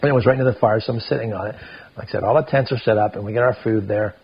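Gravelly, husky-voiced man telling a story. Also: very fast, dull audio. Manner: animated, lots of filler "like", jumps into high voices for quotes. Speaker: podcast guest. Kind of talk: casual storytelling.

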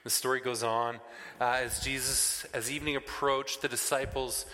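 A middle-aged man preaching a sermon, telling stories with lively acted-out scenes and quieter reflective moments. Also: medium pitch, normal speed. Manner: animated, acts out scenes, then turns quiet and reflective. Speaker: pastor. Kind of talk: sermon with personal storytelling. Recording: long reverb of a large hall.

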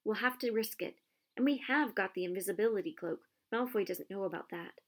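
A woman voicing a calm, determined young schoolboy. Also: medium pitch, a little fast, natural voice. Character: Harry, level-headed young schoolboy.

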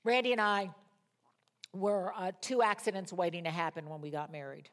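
A middle-aged woman teaching a Bible study, telling personal stories in a dramatic, expressive way. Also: fairly low pitch, normal speed.

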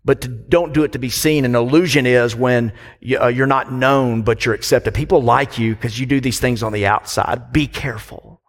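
A man's voice: mid-range voice, steady tone, moderate pace, hardly any pauses, in a large hall. A man preaching a sermon as pastor, conversational and full of questions to the congregation.

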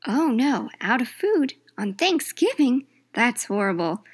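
A woman hosting a comedy cat call-in radio skit, with a cheery, brisk mock-broadcaster manner. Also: a little high, sing-song, slightly rough. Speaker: host.

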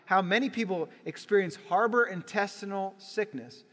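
High bright-voiced man preaching in a church. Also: moderate pace. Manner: animated storytelling, acts out voices in quotes. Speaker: pastor. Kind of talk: sermon. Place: church sanctuary. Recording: church sanctuary with long reverb.

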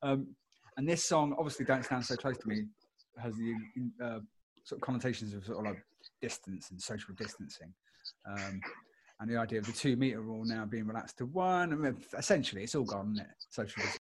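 A man's voice: mid-range voice, a little fast, breathy edge. A man in his forties hosting a music podcast, chatting casually with a wry, self-deprecating humor. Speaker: podcast host. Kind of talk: casual chat.

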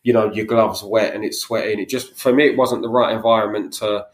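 A man's voice: fairly low pitch, fairly even intonation, fairly quick, reverberant. A man chatting casually as a podcast co-host, telling stories with many fillers and restarts. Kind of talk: casual chat.

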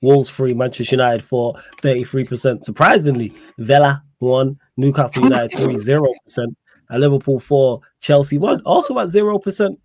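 A man hosting a live football chat stream, joking and animated, slangy. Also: mid-range voice, normal speed, no room sound. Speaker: podcast host.

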